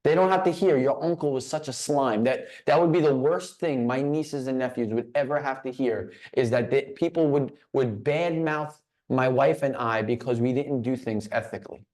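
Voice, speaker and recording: A man's voice: medium pitch, normal speed, few pauses, a little mellow. Man giving a motivational business talk. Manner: storytelling, repeats words when starting phrases. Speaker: business speaker.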